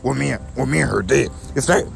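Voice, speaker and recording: A man's voice: medium pitch, fast talker, gravelly, soft background music. A young man venting to his viewers in a repetitive, aggrieved way, often stumbling and restarting his sentences. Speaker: vlogger. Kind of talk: personal rant to camera.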